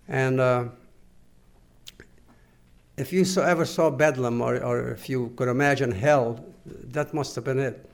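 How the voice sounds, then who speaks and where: An older man gives earnest, measured oral history testimony. His voice has a gravelly, creaky texture at a middling pitch. He speaks haltingly, pausing and restarting as he searches for words. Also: fairly even intonation. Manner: halting, full of pauses and restarts. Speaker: interviewee.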